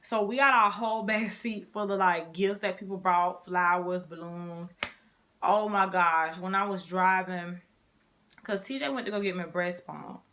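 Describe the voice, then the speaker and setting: Bright-voiced young woman telling a story. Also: lowish voice, moderate pace. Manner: animated, talks straight to viewers. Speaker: vlogger. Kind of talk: casual storytime chat.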